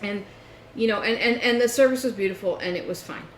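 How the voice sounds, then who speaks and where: Co-host, woman, animated storyteller, echoey room. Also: medium pitch, a little fast. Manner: animated storytelling, acts out phone calls. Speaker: podcast co-host. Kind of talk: casual chat. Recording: echoey room with faint noise.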